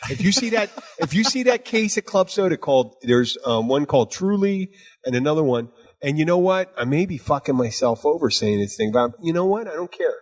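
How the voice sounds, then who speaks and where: Man, slightly high voice, animated, ranting, casual chat. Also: fairly quick. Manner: animated, ranting, swears freely. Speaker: co-host.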